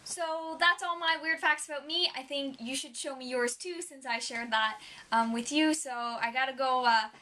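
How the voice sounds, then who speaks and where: Young female vlogger, bright tone, rambling casual chat. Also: sits high, normal speed. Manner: rambling, chatty, lots of "um" and "like".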